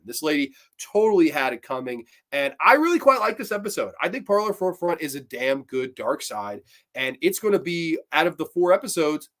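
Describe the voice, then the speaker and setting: Profane, animated male horror reviewer. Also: on the high side. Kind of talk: casual spoken review.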